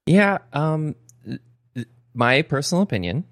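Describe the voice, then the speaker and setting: A man's voice: fairly high pitch, sing-song, normal speed, fairly bright tone, no echo, studio quality. A man co-hosting a podcast, chatting casually with hesitant restarts. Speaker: podcast co-host. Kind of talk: casual chat.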